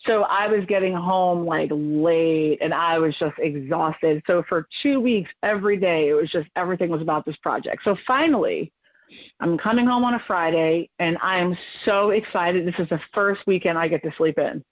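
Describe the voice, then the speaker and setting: A woman in her forties, appearing as a podcast guest, tells a personal story in an animated, expressive way, her pitch jumping up as she acts out quotes. She speaks at a moderate pace with no echo, on a dull lo-fi recording.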